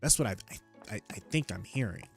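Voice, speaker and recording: A man's voice: on the low side, lively intonation, brisk, faint music behind. A man hosting a livestream, reacting to a political clip with incredulous, stammering and sarcastic commentary. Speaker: livestream host reacting to clips.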